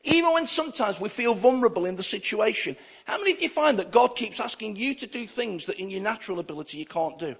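A man's voice: very high-pitched, expressive, quick pace, gravelly, a bit bright, husky. A middle-aged male pastor preaching a sermon, telling stories with acted-out dialogue and repeating key phrases for emphasis. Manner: storytelling preacher who acts out dialogue in anecdotes.

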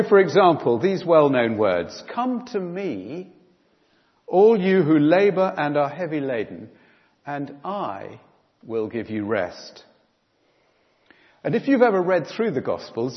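A man preaching a sermon in church, emphatic and animated, with frequent fillers. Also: fairly high pitch, slow pace. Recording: dull sound in a reverberant hall.

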